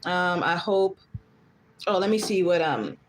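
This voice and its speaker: Woman, thirties, lowish pitch, casual livestream host, rambling and emphatic. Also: expressive, a little slow, slight background noise. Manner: chatty, rambling, reads comments aloud; gets heated and emphatic.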